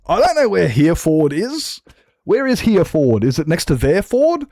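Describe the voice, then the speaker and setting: A man's voice: fairly high pitch, sing-song, normal speed, mellow, dry recording. Joking Australian man on a dry mic. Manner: joking, self-mocking banter with chat. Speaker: streamer. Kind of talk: casual gaming stream chat.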